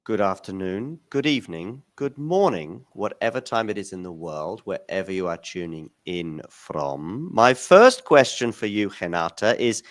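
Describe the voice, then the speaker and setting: A male host of a tennis talk show, chatting casually and warmly with his guest. His pitch swings up and down a lot as he talks. The recording is dry and close, with no room sound. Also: big pitch swings, measured pace, few pauses, no room sound. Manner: friendly, chatty, loose and informal. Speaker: podcast host. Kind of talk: casual interview chat.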